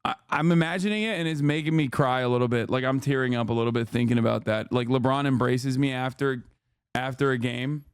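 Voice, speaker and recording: A man's voice: medium pitch, steady tone, fairly quick, clean tone, no echo, studio quality. A man streaming casual commentary, ranting profanely with mock patriotic bravado.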